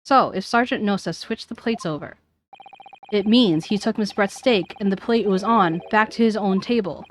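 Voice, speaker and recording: A woman's voice: mid-range voice, moderate pace, slight background noise. A woman streamer reading visual novel dialogue aloud, voicing the characters and stumbling over names.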